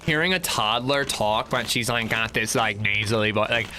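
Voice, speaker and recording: Streaming a survival game, this young man talks in a lowish, sharp-toned voice at a moderate pace with hardly any pauses. His casual chat rambles along with frequent restarts and fillers, over a slight hiss or hum.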